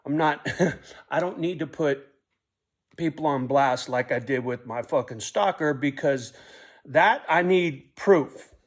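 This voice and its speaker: A man's voice: fairly high pitch, slow pace. A middle-aged man talking alone to his camera in a casual vlog, rambling, swearing freely and often tagging "right?" onto his lines. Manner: profane, rambling, self-reflective, often ending lines with a muttered "right?". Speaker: vlogger.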